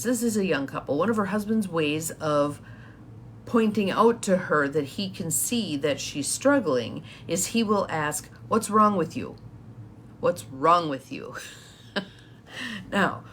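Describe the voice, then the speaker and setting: Woman, coach, live-streamed talk, chatty, laughs a lot, lower voice. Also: a little hiss or hum. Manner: chatty, laughs often, greets viewers. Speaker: empowerment coach.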